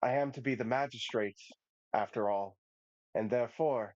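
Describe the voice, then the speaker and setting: A man's voice: medium pitch, normal speed, darkish tone, dry recording, lightly acted. A man voicing a joyful young woman magistrate in a tabletop game, speaking formally and with restraint. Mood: proud. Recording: dull lo-fi dry sound.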